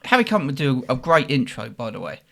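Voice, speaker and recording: A man's voice: medium pitch, fairly quick, creaky. A man, hosting a podcast and telling anecdotes in casual chat, acting out the voices of the people in his stories. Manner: animated, acts out voices in anecdotes. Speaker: podcast host.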